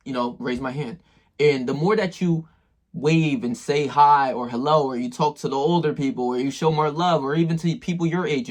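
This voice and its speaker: A man talking straight to the viewer in a casual motivational monologue, full of slang and swearing. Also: medium pitch. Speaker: self-improvement video maker.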